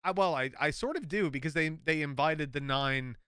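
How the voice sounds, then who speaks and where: Irish caster, bright forceful tone, dry close mic, blunt and sweary. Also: male voice, fairly high pitch, normal speed, smooth, dry recording. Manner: blunt, frequent swearing, emphatic rants. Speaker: esports caster. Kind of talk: casual podcast chat.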